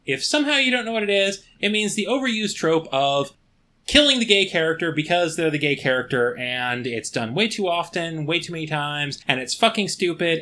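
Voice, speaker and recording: A man's voice: a little high, pushed and bright. A man co-hosting a comedy podcast, chatting casually and jokingly with frequent swearing. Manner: jokey, swears freely, slips into a gravelly put-on movie voice. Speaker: podcast co-host.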